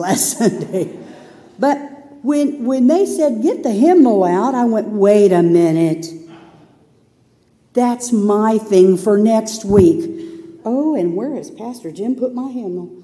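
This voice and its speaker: A woman's voice: medium pitch, warm tone. A woman pastor preaching a sermon in a church, chatty and playful as she tells stories. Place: church sanctuary. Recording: long hall reverb.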